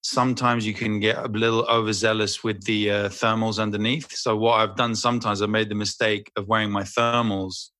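A man's voice: on the low side, flat delivery, fairly quick, few pauses, sharp tone, dry recording. A man, an actor, telling rambling, crude anecdotes with swearing in casual chat. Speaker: actor guest.

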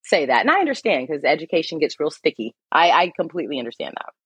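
A woman's voice: low-pitched, big pitch swings, fast, slightly rough, no room sound. A woman guest on a podcast, a psychic medium talking candidly and casually, laughing often and swearing now and then.

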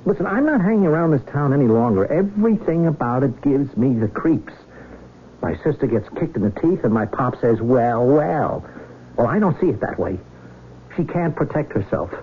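Brief: a man playing a needling small-town son, mid-pitched, tinny hissy broadcast. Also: expressive, normal speed, close to an everyday voice. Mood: resentful. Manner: blunt, needling. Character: suspicious young male son, resentful of outsiders. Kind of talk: 1970s radio drama acting. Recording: tinny narrow broadcast with faint hiss.

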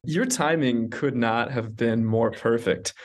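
A man interviewing a filmmaker, talking quickly and jokingly. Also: medium pitch, slight background noise. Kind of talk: interview questions.

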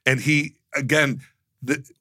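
A man's voice: on the high side, fairly even intonation, sharp tone, no echo, clean studio sound. A man co-hosting a podcast in casual chat, telling stories in a gushing way and often laughing. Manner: gushing, storytelling, quick to laugh, restarts sentences. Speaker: podcast co-host and former cast member.

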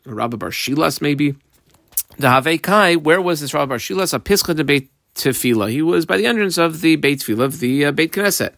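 A man's voice: medium pitch, creaky, fairly bright tone, dry recording, studio quality. A man teaching a line-by-line Talmud lesson, methodically translating each phrase and marking up his text as he goes.

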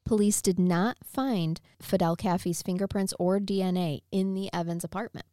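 A woman's voice: mid-range voice, fairly even intonation, moderate pace, warm tone, dry recording, studio quality. Woman narrating a true crime case.

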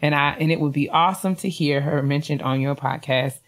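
A woman co-hosting a podcast, reading listener shout-outs and cheering them on, laughing easily. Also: sits low, fairly quick. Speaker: podcast co-host. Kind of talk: casual chat, reading listener emails.

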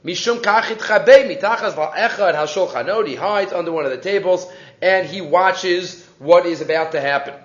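Animated high-voiced man teaching Torah. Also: normal speed, roomy sound, muffled recording. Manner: animated storytelling, mixing Hebrew and English, frequent restarts. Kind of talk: weekly Torah class.

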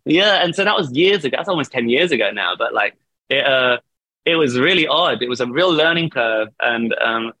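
A man's voice: medium pitch, sharp tone, dry recording. A man telling a long, rambling story in a casual interview over a video call, laughing often and swearing. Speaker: band vocalist, guest.

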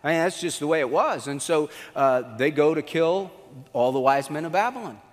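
A man's voice: on the high side, moderate pace. Conversational preacher man in a reverberant hall. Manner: animated storyteller, conversational. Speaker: pastor. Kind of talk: sermon.

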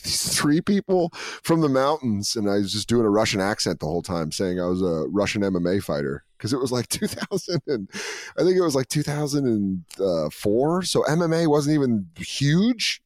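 A comedian guest from Colorado telling loose, joking stories with plenty of swearing in a casual podcast chat. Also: male voice, lowish voice, very animated, normal speed, darkish tone, no room sound, studio quality. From Colorado, USA. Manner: swearing, storytelling, jokey.

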